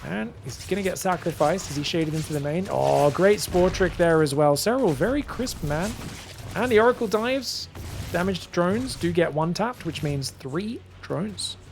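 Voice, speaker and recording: A man's voice: high-pitched, animated, normal speed, vocal fry, slight background noise. A man giving solo play-by-play commentary on a strategy game, chatty, explaining the strategy to viewers and calling them "guys". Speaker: esports caster.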